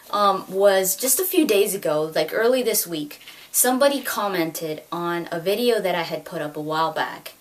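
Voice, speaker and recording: A woman in her twenties chatting excitedly about gaming news with lots of fillers, recorded at home. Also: on the low side. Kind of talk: casual chat.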